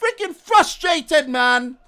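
Frustrated male streamer, lively ranting gameplay commentary. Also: very high-pitched, takes it slowly. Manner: exasperated ranting, keeps adding "man". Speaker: gaming streamer.

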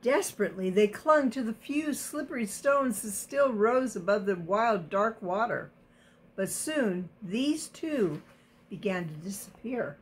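Slow, gentle woman reading a picture book. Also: mid-range voice, expressive, slight background noise. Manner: gentle, explains words and asks the listener questions. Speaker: storybook reader.

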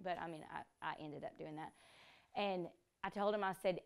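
Woman, teacher, lively storyteller, smooth clear voice. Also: mid-range voice, normal speed. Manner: animated storytelling, acts out quotes. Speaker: first grade teacher. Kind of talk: interview recollection.

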